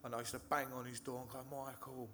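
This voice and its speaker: Nervous and swearing often, an English speaker from Hertfordshire keeps restarting sentences as he tells a live audience about his recovery from a meeting-hall stage. His mid-range voice is fast and sharp in tone, with little pitch movement and a little hiss or hum.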